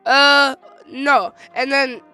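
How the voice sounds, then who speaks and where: A teenage boy telling a story in a casual, animated, slangy way, often laughing mid-sentence. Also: very high-pitched, extremely slow, soft background music. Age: teens.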